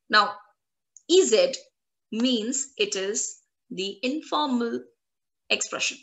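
Slow, bright-voiced woman teaching French. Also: a little high, expressive. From India. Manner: repeats words slowly for learners to copy. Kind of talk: online language lesson.

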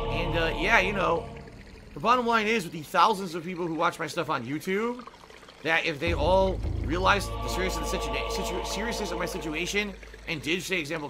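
Guy streaming a horror game, pretty high voice, cusses a lot and yells at scares, game music going behind. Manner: profane, quick to yell at scares and thank donors. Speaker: live streamer. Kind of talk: live gameplay commentary.

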